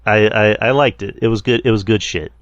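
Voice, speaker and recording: A man's voice: fairly low pitch, fairly even intonation, brisk, no echo, highs cut off. A man hosting a solo podcast, rambling casually with lots of fillers and the odd swear word. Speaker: podcast host reviewing wrestling.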